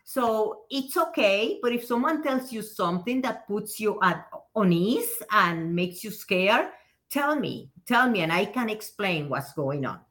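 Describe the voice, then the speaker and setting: A woman speaking as a real estate agent guest in a relaxed interview. Her voice sits at an ordinary middle pitch, and she gives advice in a calm, steady way, leaning on simple everyday examples. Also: a little slow. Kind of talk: casual interview chat.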